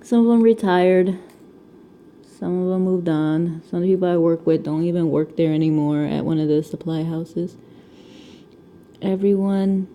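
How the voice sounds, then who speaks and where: Her voice is lowish and mellow, with a little hiss or hum in the recording. She's a thirtyish crafting vlogger from Connecticut, USA, speaking with a Connecticut accent as she laughs often and rambles chattily at home over her diamond painting, picked up by the camera mic.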